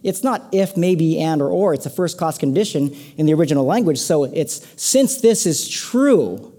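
Man, pastor, casual sermon, mellow voice, playful asides. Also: fairly high pitch, a little fast.

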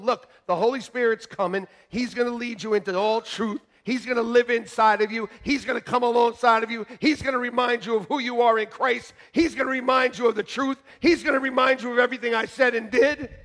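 A male pastor preaching a sermon to his congregation, joking with them and moving between quiet asides and shouted emphasis. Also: very high voice, fairly even intonation, normal speed, hardly any pauses. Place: church sanctuary.

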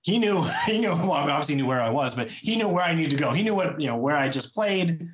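Male musician, halting anecdotal delivery full of fillers, muffled lo-fi audio. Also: a little high, animated. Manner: halting, many fillers and restarts. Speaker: musician sharing a memory. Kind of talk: casual spoken anecdote.

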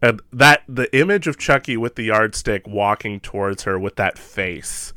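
A man's voice: on the low side, moderate pace, bright, forceful tone, no room sound, clean studio sound. A man co-hosting a podcast, recapping a horror film in casual chat, laughing often and acting out quoted lines. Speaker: podcast co-host.

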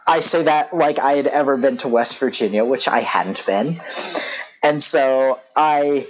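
A man's voice: fairly high pitch, lively intonation, takes it slowly. A man, an author, casually telling a story in a chatty, self-deprecating way. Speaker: author guest. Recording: dull lo-fi audio.

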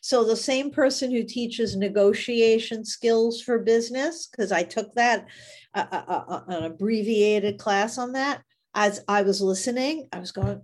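A woman's voice: a little high, measured pace, a little mellow. A woman co-hosting a podcast, speaking emphatically and piling up examples with fillers along the way. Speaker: podcast co-host. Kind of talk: conversational podcast chat.

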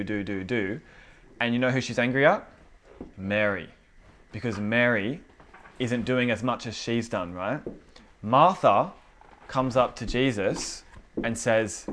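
Brief: man preaching to a small group, casual and animated, slightly low voice. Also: a little hiss or hum. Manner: animated, conversational, acts out inner voices. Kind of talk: casual informal sermon. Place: indoor gathering with a small group.

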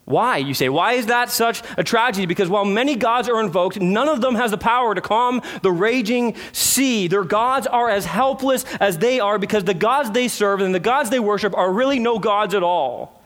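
A man preaching a sermon, earnest, with rhetorical questions and dramatic pauses. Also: sits high, a bit bright. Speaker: pastor.

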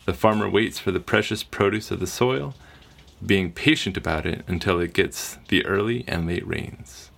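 A man reading scripture aloud in a measured, deliberate voice during a casual group study. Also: low voice, gravelly, a bit bright.

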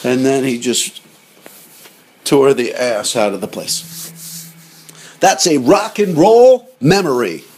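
A man's voice: medium pitch, animated, takes it slowly, long pauses, darkish tone, slight background noise. A man hosting a podcast, rambling jokingly and calling his listeners gang while he watches TV clips. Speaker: podcast host. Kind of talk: casual comedic monologue over TV clips.

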